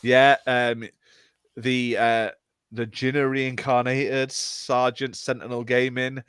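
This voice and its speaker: British man, podcast host, brash banter, mid pitch, dry close mic. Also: little pitch movement, takes it slowly, a bit bright, clear, resonant tone, dry recording. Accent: British English. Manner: brash banter, swears freely. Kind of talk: casual podcast chat.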